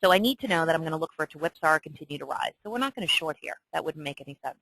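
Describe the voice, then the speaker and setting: A chatty woman walks through a trading chart, her lowish voice bright and forceful. She is emphatic and keeps checking in with her listeners. The sound is dry, with no room around it. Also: expressive, very fast, no room sound, rough recording. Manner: chatty, emphatic, often asks "okay?". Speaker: trading instructor. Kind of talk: screen-share trading tutorial.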